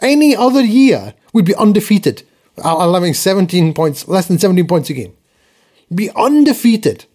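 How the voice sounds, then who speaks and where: Animated man ranting. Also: sits high, moderate pace. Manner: animated, exasperated ranting with many restarts. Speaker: podcast co-host. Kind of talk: casual sports chat.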